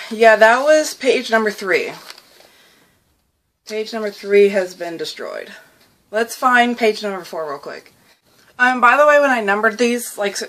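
A young woman vlogging casually about her journal, chatty and excitable, laughing often and full of fillers. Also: mid-range voice, a little hiss or hum.

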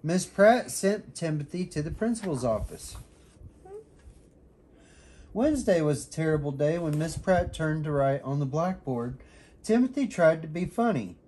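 A father reading a children's bedtime story aloud, with an expressive, animated reading. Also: a little high, a little slow, slight background noise.

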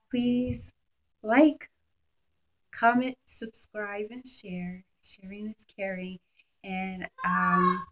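Woman beauty vlogger, unhurried and chatty, gushes over products, light hiss behind. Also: mid-range voice, low-quality recording. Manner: chatty and gushing, with many fillers. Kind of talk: casual product review. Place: at home, children nearby.

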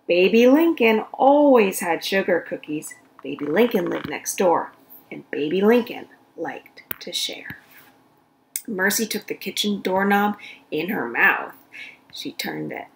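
A woman reading a children's story aloud in an expressive storytelling voice. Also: medium pitch, measured pace, gravelly, slight background noise, rough recording. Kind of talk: read-aloud storytelling for kids.

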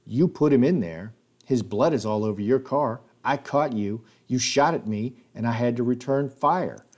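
A man's voice: mid-range voice, moderate pace, a little mellow, close to an everyday voice. A man voicing a corrupt, panicky small-town cop who blusters and defends himself. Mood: blustering.

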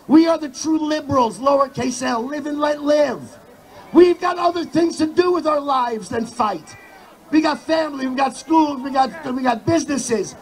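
A man addresses a rally and builds his argument through repeated phrases. His pitch sits very high. Faint noise lies behind his voice. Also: moderate pace, some chatter behind, poor audio. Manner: building, repetitive cadence. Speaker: rally speaker. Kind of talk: rally speech. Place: outdoor rally.

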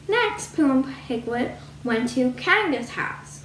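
A woman reading a picture book aloud as storyteller, in a sing-song, animated way. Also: high voice, slow. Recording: roomy with faint hum.

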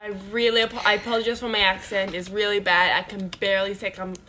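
A young woman co-hosting a casual gaming vlog, excitable and playful. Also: medium pitch, fast. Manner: excitable, playful, gasping reactions. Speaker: channel co-host. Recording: music playing behind.

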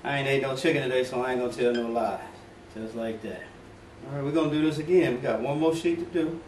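A man's voice: medium pitch, fast, darkish tone, recorded from a distance. A middle-aged man walks viewers through a home recipe in a loose, joking way, full of slang and asides. His mid-range voice sits back from the mic, with the room echoing around it and a faint hum of background noise. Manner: playful, joking, talks straight to viewers in Southern US slang. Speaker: home cooking video host. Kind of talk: casual cooking demonstration. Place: home kitchen.

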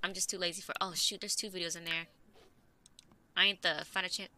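A woman's voice: fairly low pitch, fairly even intonation, fairly quick, pushed and bright, dry recording. A woman giving casual gameplay commentary, chatty and easily exasperated, talking back to the characters on screen. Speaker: let's play gamer.

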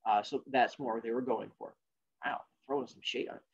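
A man hosting a podcast, telling a fable in a casual, jokey, animated way. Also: medium pitch, a little fast, gravelly, husky, dull audio. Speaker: podcast host. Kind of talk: casual storytelling.

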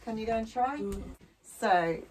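A woman's voice: on the high side, animated, a little slow, slight background noise. A woman, a parent on a family vlog, cheerfully explaining her choices step by step. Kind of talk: casual chat. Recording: voice from a distance.

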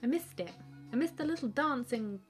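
With faint music behind her, a woman with a high-pitched, expressive voice draws on a live stream at normal speed, chatting casually, laughing frequently and filling her rambles with fillers as she reads comments aloud and answers them.

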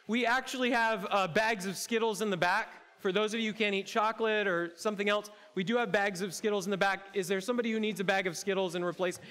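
High-voiced playful preacher man. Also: fairly bright tone. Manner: playful, interactive, addresses congregation directly. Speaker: campus pastor. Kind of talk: sermon. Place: church auditorium.

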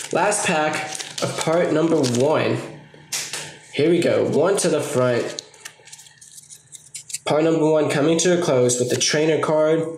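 A young man giving casual, joking commentary while opening card packs, swearing often. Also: a little high. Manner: excitable, swears a lot, jokey asides. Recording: echoey room with faint noise.

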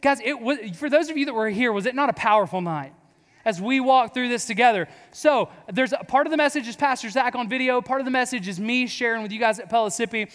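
High-voiced joking youth pastor in a hall. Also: male voice, fast talker, a bit bright. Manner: casual, joking storyteller addressing students. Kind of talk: youth sermon. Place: large hall with audience. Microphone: clip-on mic. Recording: long hall reverb.

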